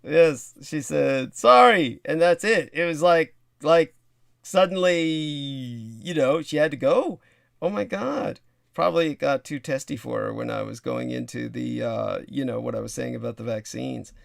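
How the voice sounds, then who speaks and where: A man's voice: medium pitch, a little slow, creaky, dry recording, studio quality. A man hosting a casual livestream chat, rambling with lots of fillers and asides. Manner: rambling with many fillers and laughs. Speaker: livestream host.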